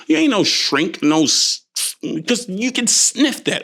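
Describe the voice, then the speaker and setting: A young man talks through his solo podcast in a loose, playful way and keeps slipping into little quoted voices. His pitch sits a bit high and swings widely from line to line. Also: big pitch swings, measured pace, fairly bright tone. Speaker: podcast host. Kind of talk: solo motivational podcast talk.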